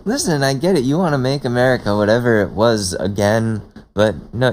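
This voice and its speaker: A man's voice: mid-range voice, lively intonation, a little fast, hardly any pauses, darkish tone, a little hiss or hum. A man hosting a podcast, reacting to clips in casual commentary, blunt and incredulous, swearing freely. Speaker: podcast host.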